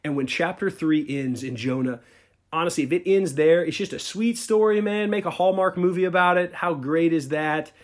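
A male pastor preaching a sermon, telling a Bible story in a conversational, animated way with casual asides. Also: a little high, normal speed.

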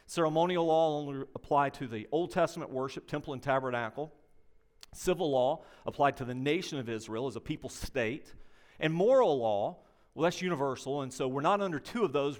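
An older man preaching a sermon, animated and conversational, telling anecdotes and addressing the congregation directly. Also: medium pitch. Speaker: pastor.

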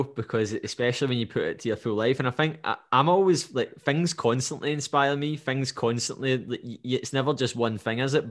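A man hosting a podcast, speaking thoughtfully and reflectively with fillers and restarts. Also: mid-range voice. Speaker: podcast host. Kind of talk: casual chat.

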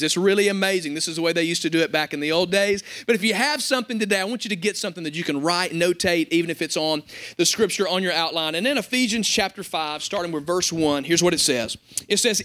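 High-voiced man preaching a sermon. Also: a bit bright. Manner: conversational preaching with humor. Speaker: pastor.

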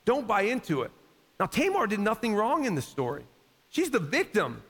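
A pastor preaches a sermon in a church sanctuary, his voice sitting high with wildly swooping pitch, a fairly bright, slightly rough tone, and normal speed. He speaks conversationally, acts out quoted voices, and builds to emphatic peaks, all under the long reverb of a large hall.

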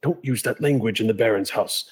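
A man's voice: lowish voice, brisk, husky. A man voicing a fussy talking suit of armor. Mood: prim. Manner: fussy and scolding. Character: talking empty suit of armor, prim and literal.

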